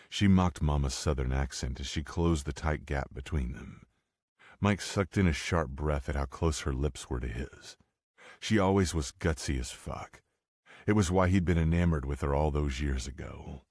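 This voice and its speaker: A man narrating an audiobook in a steady, matter-of-fact way. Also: very deep voice, normal speed, no room sound, clean studio sound. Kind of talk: scripted narration.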